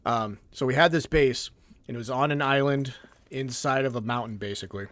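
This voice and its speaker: A man co-hosting a casual gaming podcast, telling stories in an animated way with frequent restarts. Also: medium pitch, a little fast, no room sound. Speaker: co-host.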